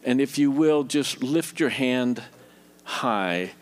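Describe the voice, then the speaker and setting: A middle-aged man from Louisiana preaching a tender sermon and leading a closing prayer, his voice dropping soft and low as he prays. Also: lively intonation, slow. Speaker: guest preacher.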